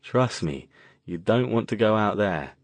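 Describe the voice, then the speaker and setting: A male narrator voicing a calm mage who speaks softly and reassuringly. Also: on the low side, a little slow, no echo. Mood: gentle. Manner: soft, murmuring, reassuring.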